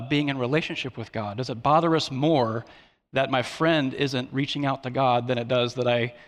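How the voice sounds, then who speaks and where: A man's voice: mid-range voice, a bit bright. Earnest male pastor in a reverberant hall. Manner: conversational and earnest, with light humor and repeated restarts. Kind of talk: sermon. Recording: long reverb of a large hall.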